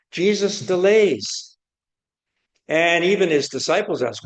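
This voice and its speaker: A man's voice: high voice, lively intonation, takes it slowly. A man preaching a sermon, asking many rhetorical questions in an earnest, searching way.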